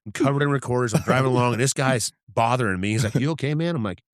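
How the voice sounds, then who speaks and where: A man's voice: medium pitch, racing, no echo, clean studio sound. A middle-aged man, a podcast guest, telling a story casually, acting out quoted dialogue and swearing freely.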